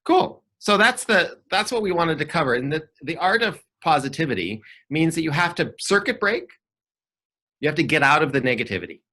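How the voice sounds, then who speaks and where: Male arts coach, bright and animated, persuasive with rhetorical questions, video call sound. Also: on the high side, a little fast. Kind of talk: online forum talk.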